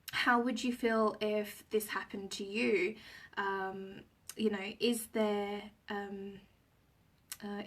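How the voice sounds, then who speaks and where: A woman's voice: medium pitch, distant mic. Rambling woman teacher, off-mic. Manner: rambling, frequent ums and restarts. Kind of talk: casual live-stream teaching talk.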